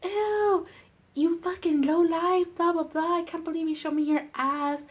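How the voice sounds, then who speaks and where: A woman imitating her angry middle-aged mother in a shrill, screaming voice. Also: fairly even intonation, a little slow. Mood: shrieking disgust.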